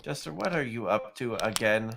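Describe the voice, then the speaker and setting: A man's voice: medium pitch, expressive, moderate pace, creaky, fairly bright tone, slight background noise. A man talking in character as a tabletop roleplaying player, with a dry, wry manner.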